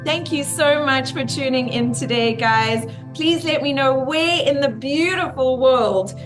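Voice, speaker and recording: A woman's voice: high-pitched, a little slow, faint music behind. Effusive woman live-streaming. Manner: effusive, greets viewers by name. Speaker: live-stream host and spiritual teacher. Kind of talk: live-stream spiritual talk.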